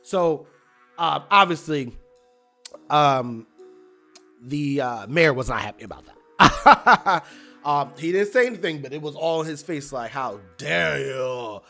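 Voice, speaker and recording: A man's voice: on the high side, lively intonation, a little slow, pauses often, bright, forceful tone, soft background music. A man casually recapping a TV episode, retelling scenes in a loose, chatty way and voicing characters' lines as he goes. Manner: loose, chatty retelling with fillers and acted-out quotes. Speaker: TV recap reviewer.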